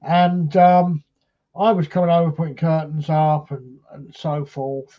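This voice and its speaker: A high-pitched man with a mellow, darkish tone tells a rambling paranormal anecdote in casual live-stream chat. He keeps stopping and restarting between fillers. The sound is dull and lo-fi. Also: little pitch movement, unhurried. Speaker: paranormal investigator.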